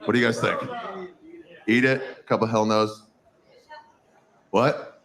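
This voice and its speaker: A young man doing a stand-up comedy set, telling a story with lively crowd work and swearing, recorded live on stage. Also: on the low side, a little slow.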